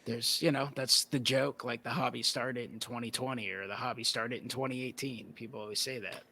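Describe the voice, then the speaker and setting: A male card-collector guest in a casual conversation, relaxed and rambling with plenty of "you know" fillers. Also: medium pitch, a little fast, slight background noise.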